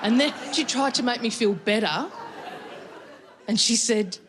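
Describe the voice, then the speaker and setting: A woman's voice: fairly high pitch, measured pace, a bit bright, some chatter behind. A woman with an Australian accent telling a stand-up story in a chatty, wry way, acting out the people she quotes. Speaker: stand-up comedian. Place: comedy venue before a laughing audience.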